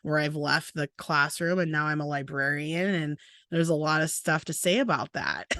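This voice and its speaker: A woman co-hosting a podcast, a former teacher turned librarian, chatting casually with a deadpan, sarcastic streak. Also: low voice, normal speed, dry recording, clean studio sound.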